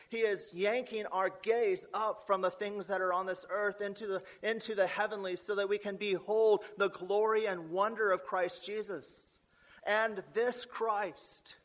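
This pastor's high, slightly bright voice carries a measured yet emphatic sermon. He builds repetitive phrase lists and poses rhetorical questions to the congregation.

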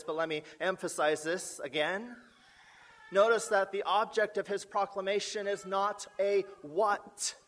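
A male pastor delivering a sermon in a fairly high voice. He takes his time, leaning on each phrase with deliberate emphasis and stacking repeated lines into a rising cadence, then asks rhetorical questions of his listeners. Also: a bit bright.

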